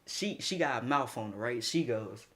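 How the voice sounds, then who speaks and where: Animated young man telling a story. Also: medium pitch, moderate pace. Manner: animated, slangy, laughs a lot. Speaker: streamer. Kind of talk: casual storytime on stream.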